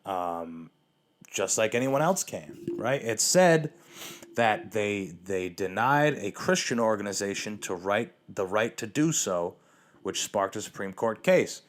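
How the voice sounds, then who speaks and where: A man with a lowish voice rambles through a solo podcast rant, sarcastic and profane. He restarts sentences, leans on fillers, and has the hiccups. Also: lively intonation, a little slow. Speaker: podcast host.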